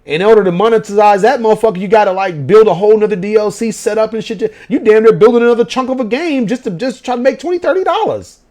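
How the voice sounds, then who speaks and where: A man's voice: sits high, quick pace, hardly any pauses. Profane ranting man. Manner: profane, animated ranting in slang. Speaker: gaming vlogger. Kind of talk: late-night rant.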